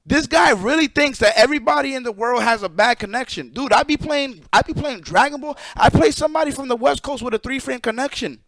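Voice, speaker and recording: A man streaming live, ranting casually and profanely to his chat with animated energy. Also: very high voice, brisk, few pauses, noisy background.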